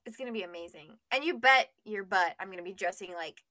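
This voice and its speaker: A woman co-hosting a podcast, enthusiastic and quick to agree and laugh. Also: mid-range voice, pushed and bright, no room sound, clean studio sound. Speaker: podcast co-host. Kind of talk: casual chat.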